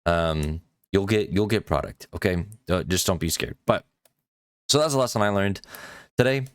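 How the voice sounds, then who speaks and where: A man's voice: deep voice, moderate pace, smooth, dry recording, clean studio sound. A man casually telling a rambling story to his viewers, with many fillers, acting out the back-and-forth of conversations. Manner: rambling, many fillers, acts out quoted exchanges. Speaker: trading card collector vlogger.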